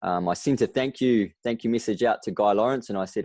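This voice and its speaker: A man with a New Zealand accent, a podcast guest, telling stories in a lively way and acting out the voices of the people he quotes. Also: fairly low pitch, a little fast, no echo. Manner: animated storyteller, acts out quoted voices. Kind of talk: casual interview.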